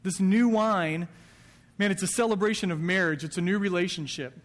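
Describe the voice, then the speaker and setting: High-voiced man preaching in a hall. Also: normal speed. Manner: conversational preaching with quoted asides. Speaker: pastor. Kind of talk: sermon. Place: church sanctuary.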